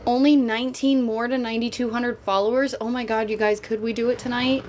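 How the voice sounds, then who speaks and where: A woman's voice: on the high side, steady tone, a little fast, darkish tone, a little hiss or hum. Chatty, jokey woman streamer. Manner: chatty, jokey and candid, swears casually. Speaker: livestreamer; mother. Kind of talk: casual live-stream chat.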